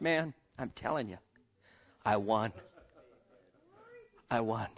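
A man preaching a sermon with passion, swinging between loud pleading and hushed, almost whispered lines. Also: medium pitch, expressive, unhurried, pauses often. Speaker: pastor. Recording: lo-fi dull sound.

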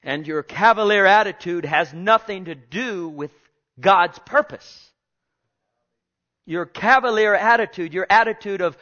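A male pastor preaching a sermon, swinging between loud and hushed and repeating his phrases, with questions put straight to the congregation. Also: sits high, a little slow, muffled recording. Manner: asks the congregation direct questions.

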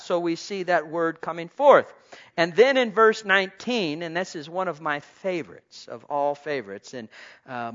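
A man preaching a sermon to his congregation, swinging between loud exclamations and soft asides. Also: a little high, moderate pace. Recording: dull lo-fi recording.

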